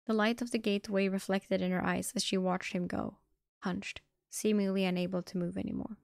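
A woman streamer reading a novel aloud with a dramatic delivery, sometimes breaking into excited reactions. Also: mid-range voice, fairly quick, gravelly, no room sound, clean studio sound. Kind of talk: live-streamed audiobook reading.

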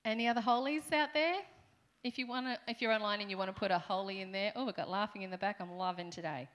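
A woman's voice: mid-range voice, fast, a bit bright. A middle-aged woman with an Australian accent preaching a conversational sermon in a church, with playful asides to the congregation. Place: church hall.

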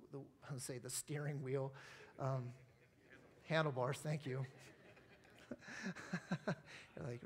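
A man with a notably high voice preaching at a church service in an American accent. He talks earnestly and conversationally, dropping easily into personal stories and light asides. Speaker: pastor. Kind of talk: sermon.

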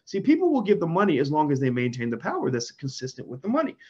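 A man commenting in an impassioned monologue, emphatic, with sudden loud high swings. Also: huge pitch swings, fast talker, slightly rough. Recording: dull lo-fi sound.

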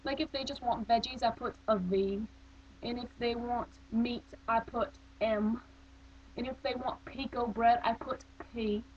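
A woman's voice: a little high, steady tone, a little slow. A young woman rambling on a webcam in a vague put-on accent, sounding bored. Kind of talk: casual webcam monologue. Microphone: built-in webcam mic. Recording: dull lo-fi webcam audio with faint hum.

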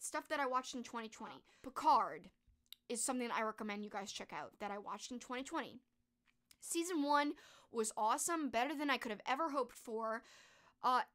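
A woman hosting a stream, chatting casually and animatedly about shows she watched. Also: on the high side. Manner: chatty, animated, mild exclamations. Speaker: streamer host. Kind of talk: casual chat.

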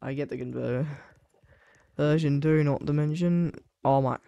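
A young man commentating a live game, switching between muttered asides and sudden excited shouts. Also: fairly high pitch, a little slow, creaky, clean tone, dry recording, muffled recording. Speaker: sports commentator.

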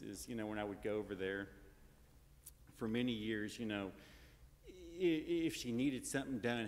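A grandson giving a casual, anecdotal funeral eulogy in a large church, full of fillers and tag questions. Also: male voice, mid-range voice. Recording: long church reverb.

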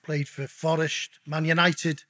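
A man's voice: a little high, flat delivery, measured pace, bright, forceful tone. A middle-aged man telling stories as a podcast guest in a blunt, casual way, swearing constantly and calling the host mate. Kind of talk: casual storytelling interview.

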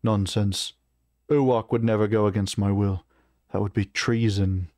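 A man voicing a proud, weary male orc chieftain who speaks slowly and firmly in a fantasy reading. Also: lowish voice, fairly even intonation, a little mellow, dry recording, clean studio sound, close to an everyday voice. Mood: composed.

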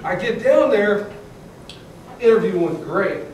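An animated man in his thirties tells a story with a fairly high voice. He is heard from across a big echoing room with faint background noise, a lively, laughing storyteller on a panel. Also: slow pace. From California. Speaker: panelist, former student athlete. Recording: echoey hall from far off.

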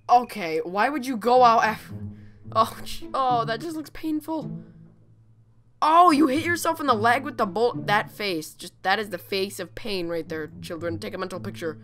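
A woman's voice: medium pitch, expressive, normal speed, music in the background. A woman hosting a comedic reaction video, exclaiming and giggling as she comments. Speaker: YouTuber host.

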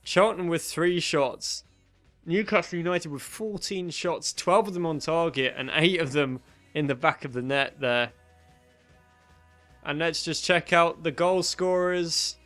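Excitable young man commentating a game. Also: fairly high pitch, a little slow, faint music behind. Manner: excitable mock sports commentary. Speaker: gaming channel host.

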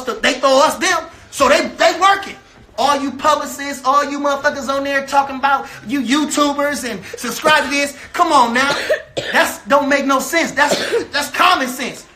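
A man's voice: very high-pitched, bright, forceful tone, slight background noise. A man from a boxer's camp delivering a heated, repetitive, trash-talking rant to the camera.

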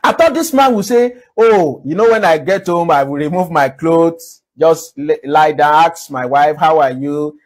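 A man's voice: fairly high pitch, measured pace, few pauses. A man preaching a sermon, earnestly asking rhetorical questions and repeating phrases for emphasis. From Nigeria. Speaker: pastor.

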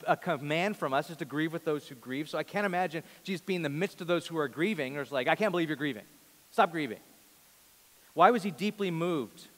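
A man in his thirties preaching a sermon in a large church, earnest, rising to loud emphasis and dropping to a hush. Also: fairly high pitch, in a large hall. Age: 30s. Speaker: pastor.

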